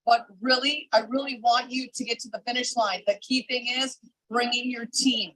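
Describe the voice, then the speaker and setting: A woman recording a motivational pep talk in a resort hotel, emphatic and energetic, repeating herself for push. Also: a little high, moderate pace, no room sound, rough recording. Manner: energetic, emphatic, repeats "I'm telling you". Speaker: network marketing team leader. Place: public area of a resort hotel.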